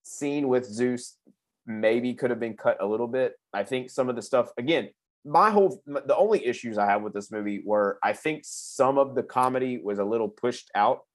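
A young man guesting on a podcast, chatting casually about a film with a relaxed, halting manner. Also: mid-range voice. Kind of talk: casual film review chat.

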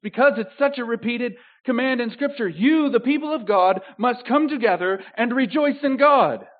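A man preaching a sermon as pastor, swinging between loud emphatic declarations and quiet, intimate asides. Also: very high-pitched, moderate pace. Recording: tinny phone-like sound.

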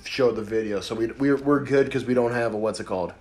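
A man's voice: mid-range voice, quick pace, darkish tone. A man co-hosting a casual podcast, telling stories full of swearing and cutting in on his partner. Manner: profane, storytelling, talks over his partner. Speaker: podcast co-host. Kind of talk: casual drunk podcast chat.

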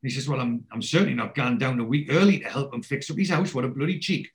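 A man's voice: medium pitch, quick pace, vocal fry, rough recording. A man in casual chat, retelling a TV episode, swearing freely and acting out the characters' lines. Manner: animated storyteller, swears freely, acts out quoted lines.

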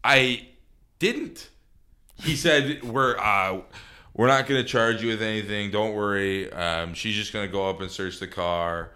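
A man's voice: on the low side, a little slow, sharp tone, clear, resonant tone. A man casually telling a long story on a podcast, rambling with lots of fillers and restarts.

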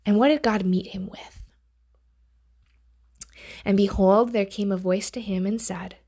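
A woman teaches from the Bible on a devotional podcast, with a fairly high voice. She speaks earnestly and often sinks into a hushed, breathy near-whisper to stress a point. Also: unhurried.

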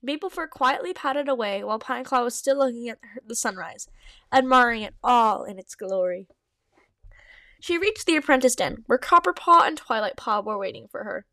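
A woman's voice: on the high side, expressive, moderate pace, pushed and bright, dry recording, studio quality. A woman reading her old story aloud and stopping to comment, giggly and full of likes and ums. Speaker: fanfiction reader and podcaster.

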